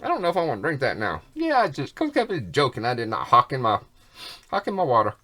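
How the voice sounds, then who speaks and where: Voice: medium pitch, huge pitch swings, fast talker, sharp tone. A vlogger in a rambling monologue who repeats words, breaks into rhyming wordplay and folksy slang, and sounds snotty with a cough.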